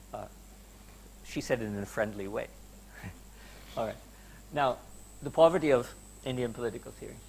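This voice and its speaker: Some hiss or hum underlies the recording of this medium-pitched male university lecturer in a lecture hall. Speaking to students, he's emphatic yet conversational, asking rhetorical questions and sometimes hesitating with fillers.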